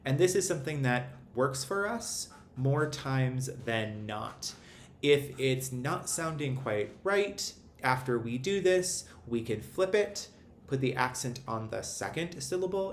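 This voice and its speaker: A man teaching a recorded phonics lesson, explaining syllable accents in a clear, methodical way. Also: mid-range voice, animated, takes it slowly. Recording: roomy echo, faint background hum.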